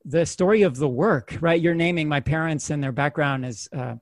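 A man telling a reflective personal story as a guest, animated and fond of acting out the people in it. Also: a little high, normal speed, dry recording, studio quality. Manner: animated storyteller who acts out voices.

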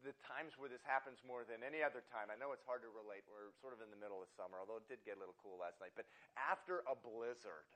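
A man's voice: mid-range voice, fast talker, hardly any pauses, fairly bright tone. A man preaching a sermon, telling a rambling, self-deprecating story full of restarts and asides. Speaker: pastor.

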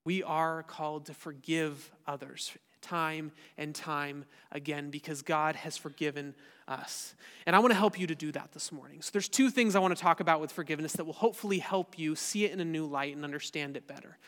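A pastor preaching a sermon to his church, earnest and often dropping softly at the end of a point. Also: fairly high pitch, fairly quick, long reverb tail. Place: church sanctuary.

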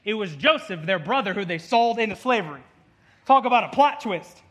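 Bright high-voiced casual preacher man. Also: animated, brisk. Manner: chatty, jokey asides, acts out quotes. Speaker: pastor. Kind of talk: casual conversational sermon.

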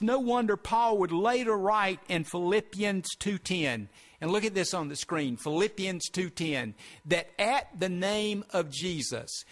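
A man's voice: sits high, fairly bright tone. A male pastor delivering a Sunday sermon, earnest and emphatic, asking his congregation rhetorical questions.

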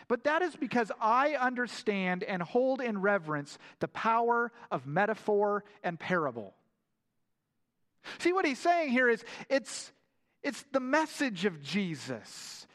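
High-voiced preacher in an echoing hall. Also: male voice. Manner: animated storytelling preaching with frequent repeated words. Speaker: pastor. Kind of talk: sermon. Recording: long hall reverb.

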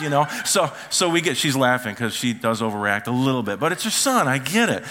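Bright-voiced middle-aged male pastor preaching. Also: fairly high pitch, lively intonation, fairly quick, hardly any pauses. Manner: storytelling, acts out family members' voices. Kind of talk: sermon.

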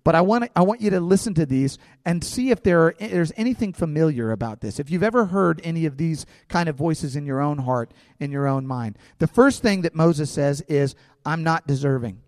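A man with a fairly high voice preaches with conviction, asking his listeners questions as he goes. His words ring out with a long reverb, as if in a large hall, though the voice itself stays close to the mic. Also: lively intonation, fairly quick, hardly any pauses, a little mellow. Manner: impassioned preaching with rhetorical questions. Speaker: pastor. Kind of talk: sermon.

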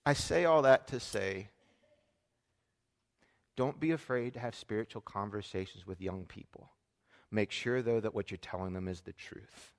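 A man's voice: lowish voice, moderate pace, long pauses. Storytelling male pastor in a reverberant hall. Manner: storytelling, conversational, swings from hushed asides to loud emphasis. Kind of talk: sermon.

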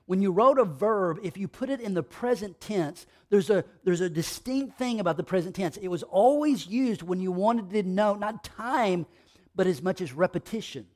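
Fervent high-voiced male preacher. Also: lively intonation, normal speed. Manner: swings from soft and low to loud, emphatic bursts. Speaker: pastor. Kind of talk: sermon.

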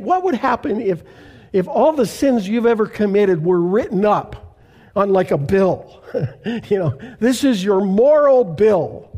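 An older man from Canada, a pastor preaching a sermon in a slow, deliberate way with emphatic pauses. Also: high voice, warm tone.

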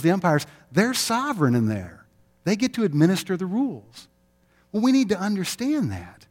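A middle-aged man preaching a sermon, telling stories in an animated way and acting out the quotes with laughter. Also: a little high. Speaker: pastor.

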